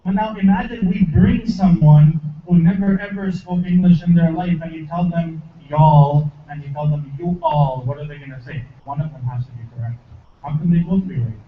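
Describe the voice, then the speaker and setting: A man giving a lively mosque lecture, often quizzing the congregation. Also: a little high, a little fast. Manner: lively, asks the audience questions. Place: mosque hall. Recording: distant, echoey, phone-like hall recording with faint noise.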